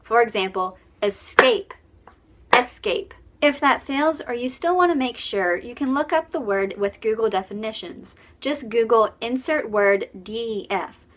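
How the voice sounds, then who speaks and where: A woman's voice: on the high side, normal speed, few pauses, slight background noise. A woman narrating a scripted poetry lesson and announcing each numbered section.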